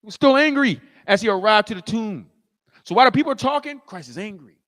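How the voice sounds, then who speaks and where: A man preaching a sermon as pastor, telling the story in animated fashion, acting out the scene and rising to shouts. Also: high voice, fast talker, long reverb tail.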